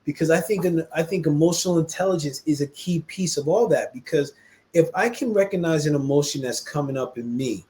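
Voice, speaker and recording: Animated man talking, acting out quotes. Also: a little high, brisk. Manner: animated, emphatic, calls listener "bro"; acts out quoted dialogue in shifting voices. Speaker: podcast host. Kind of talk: casual podcast conversation.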